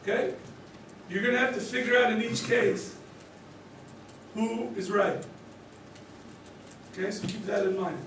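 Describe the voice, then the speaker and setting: Man, rabbi telling teaching stories, acts out characters, quizzes listeners, fairly high voice, booming echo, mic far away. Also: measured pace, pauses often, slight background noise. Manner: animated storyteller who acts out the characters' quoted lines; quizzes listeners with questions and chuckles. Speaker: rabbi teaching a study group. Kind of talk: lecture told through story cases. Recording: very echoey room, voice from far off.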